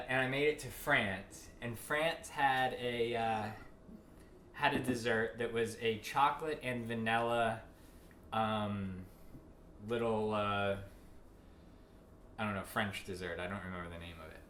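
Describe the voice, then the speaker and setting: A man's voice: on the low side, fairly even intonation, unhurried, a bit bright. A man co-hosting a casual podcast chat, telling a rambling anecdote with lots of fillers. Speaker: co-host. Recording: echoey room, faint noise.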